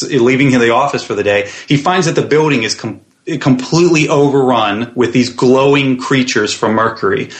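Man explaining his web series with many fillers. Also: mid-range voice. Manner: thoughtful, many fillers and restarts. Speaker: web series creator, interview guest. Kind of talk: podcast interview answers.

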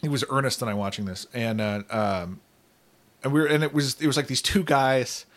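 A man's voice: mid-range voice, steady tone, brisk, a bit bright. A man as a podcast guest in casual chat, telling stories in a laid-back way with dry jokes.

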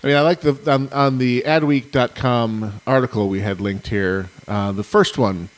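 Man making quick quips in a casual chat. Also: mid-range voice. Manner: chimes in with short quips and asides.

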